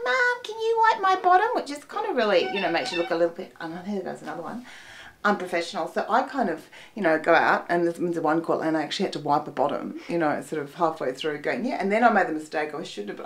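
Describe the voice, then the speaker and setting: A middle-aged Australian woman comedian delivering a chatty, rambling comic monologue full of fillers and swearing. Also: on the low side.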